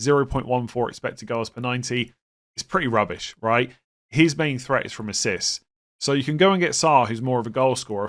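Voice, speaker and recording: Animated man giving opinions. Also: mid-range voice. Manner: animated, opinionated, with frequent restarts. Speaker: fantasy football channel host. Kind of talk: casual opinion monologue.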